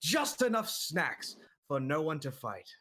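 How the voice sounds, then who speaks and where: A man's voice: fairly high pitch, very animated, measured pace, fairly bright tone, slight background noise. A man doing an impression of a whimsical rhyming children's author in improv comedy, speaking in sing-song rhymes.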